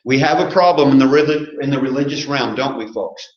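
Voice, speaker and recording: This man speaks at medium pitch and a fairly quick pace while delivering an interactive sermon from a church pulpit. He asks the congregation questions and jokes along the way. It's a roomy, muffled recording made in the church sanctuary.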